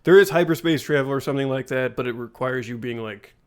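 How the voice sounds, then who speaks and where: A man's voice: medium pitch, quick pace, smooth. Laid-back man explaining plot points. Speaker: podcast co-host. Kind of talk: casual chat.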